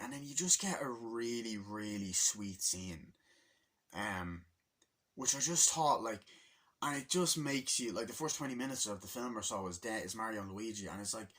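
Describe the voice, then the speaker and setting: A man's voice: on the low side, fairly bright tone. A man casually reviewing a movie on video, rambling, swearing and losing his train of thought.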